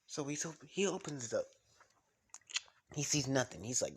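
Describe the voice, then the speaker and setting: A man's voice: mid-range voice, sing-song, normal speed, a little hiss or hum. A man casually making up a story as he goes, rambling, swearing and losing track of names.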